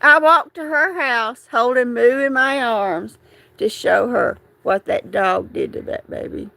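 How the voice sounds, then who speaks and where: A woman, talking through grief on a live stream, halting and repeating herself, tearful at times. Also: a little high, creaky, sharp tone, poor audio. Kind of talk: emotional live stream chat.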